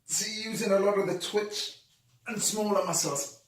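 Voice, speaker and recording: A man's voice: high-pitched, normal speed. A man demonstrating exercises at home, talking through each move and getting out of breath between reps. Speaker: fitness coach. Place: home workout space. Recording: echoey room, distant camera mic.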